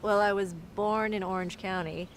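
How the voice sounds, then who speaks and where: A woman acting a dry, deadpan role in a comedy sketch. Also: medium pitch, normal speed, slight background noise, lightly acted. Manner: dry, patient, deadpan replies.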